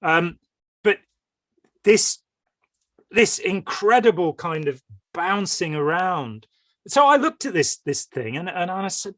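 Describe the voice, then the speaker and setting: A man's voice: high-pitched, very animated, slow pace, long pauses, fairly bright tone, no echo. A man speaking as a podcast guest in a discursive, meandering way, with many ums, often acting out quotes. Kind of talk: conversational interview chat.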